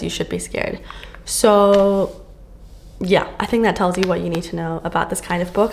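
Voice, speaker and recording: A woman's voice: on the low side, creaky. A woman book vlogger chatting casually to camera, gushing and full of fillers, filmed at home on a camera on a stand.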